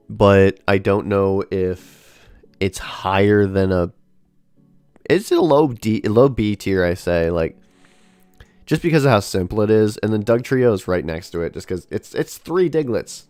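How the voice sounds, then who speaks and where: Chatty low-voiced man on a livestream. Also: smooth, no echo, clean studio sound. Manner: chatty, laughs often, thinks out loud with fillers. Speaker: livestreamer ranking a tier list. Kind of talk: casual livestream commentary.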